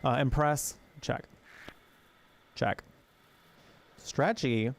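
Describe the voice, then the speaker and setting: A man's voice: mid-range voice, normal speed, creaky, pauses often, a little mellow. Playful man commentating a game. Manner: playful and goofy. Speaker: gaming streamer. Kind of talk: let's-play commentary.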